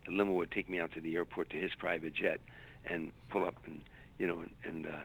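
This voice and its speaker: A man's voice: deep voice, flat delivery, fast talker, gravelly, breathy edge, phone-quality sound. An older man, a stand-up comedian, telling long anecdotes in an interview, repeating words as he searches for them. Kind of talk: storytelling interview.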